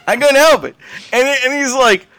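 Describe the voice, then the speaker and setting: A podcast co-host tells a rambling story in casual chat, acting out quoted voices and laughing often. His voice is extremely high-pitched and sharp.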